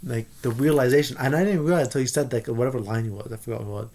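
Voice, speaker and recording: A man giving a casual spoiler review of a movie, rambling and excitable with many restarts. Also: medium pitch, rapid-fire.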